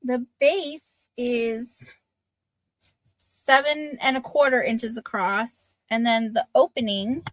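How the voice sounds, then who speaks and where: Woman, high voice, live sale co-host, chatty descriptions, dry sound. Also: steady tone, takes it slowly, no echo. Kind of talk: casual live sale chat.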